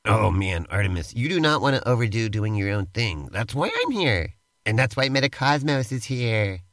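A man's voice: lowish voice, expressive, normal speed, a bit bright, dry recording. A man co-hosting a comedic role-play podcast as game master, eager and teasing in his banter, over background music. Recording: music playing behind.

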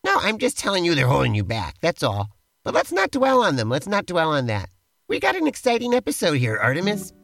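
A man's voice: fairly high pitch, wildly swooping pitch, brisk, vocal fry, fairly bright tone, no room sound. A man co-hosting a comedy show, teasing his partner in playful, improvised role-play banter. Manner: upbeat, teasing, playfully pushy. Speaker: co-host.

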